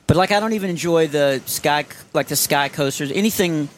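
A man's voice: on the high side, fairly quick, a little hiss or hum. A man co-hosting a casual chat, joking about himself in a playful way. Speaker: podcast co-host.

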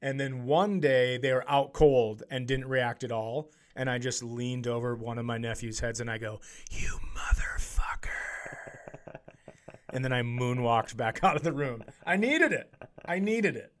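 A man's voice: medium pitch, steady tone. A man co-hosting a comedy podcast, blunt and joking in casual chat. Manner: blunt, joking, quick to swear. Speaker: podcast co-host.

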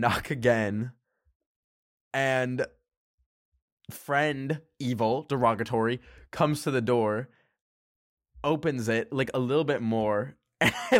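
A young man from Canada casually telling a personal story, animated, laughing often and swearing casually. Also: medium pitch, no echo, clean studio sound. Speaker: vlogger.

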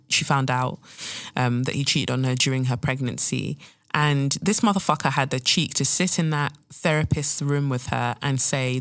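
A woman's voice: very deep voice, no room sound. A woman hosting a casual solo chat, ranting and swearing as she talks. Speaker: podcast host.

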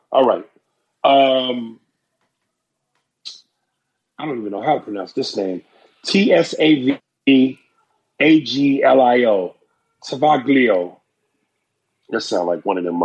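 A man's voice: medium pitch, low-quality recording. A man hosting a casual podcast, ranting brashly and profanely about sports and comedy. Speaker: podcast host.

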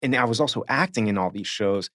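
A man with a Northeast US accent, an actor co-hosting a casual chat and telling animated stories from set. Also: on the low side, quick pace, no room sound, clean studio sound. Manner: animated storyteller, slips into quoted voices. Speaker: podcast co-host, actor.

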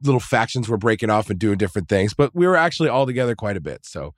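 A man's voice: lowish voice, lively intonation, quick pace, no room sound, clean studio sound. A man casually telling a long, profane story, full of fillers and restarts. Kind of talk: casual chat.

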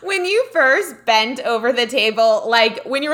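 A woman's voice: on the high side, lively intonation, moderate pace, fairly bright tone. A woman co-host chatting casually, filling her talk with "like" and laughing often. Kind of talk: casual chat.

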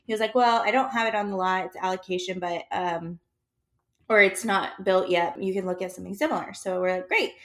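Animated woman telling a story. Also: mid-range voice, a little fast. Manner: animated, acts out quoted dialogue, laughs between lines. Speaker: storyteller in a group chat. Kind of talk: casual storytelling.

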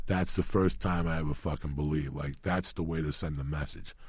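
A man from New Jersey, a comedian guest, telling a profane story loudly and animatedly, acting out the voices of others. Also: rumbling low, brisk, breathy edge, no room sound. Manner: loud, swearing, animated, re-enacts voices.

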